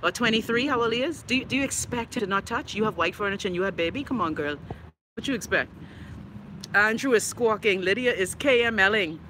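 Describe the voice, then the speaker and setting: A woman's voice: mid-range voice, lively intonation, brisk, noisy background. A woman from the Bahamas with a Bahamian accent, chatting on a live stream, reading viewer comments in an outspoken, sassy, profane way and laughing often. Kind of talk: casual live-stream chat.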